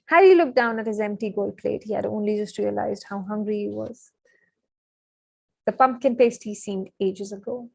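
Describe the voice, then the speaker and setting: A young woman reading a novel aloud on a live stream. She is excitable and chatty, breaking off often with fillers and apologies. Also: medium pitch, vocal fry, husky, dry recording, poor audio. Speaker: live-stream book reader.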